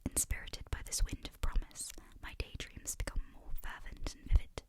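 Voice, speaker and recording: A woman's voice: lightly acted, poor audio. Woman whispering as an earnest young explorer, mock British. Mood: wistful. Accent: attempted British. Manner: halting, rereads and corrects lines. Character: earnest young male polar explorer writing letters. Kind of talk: whispered role-play.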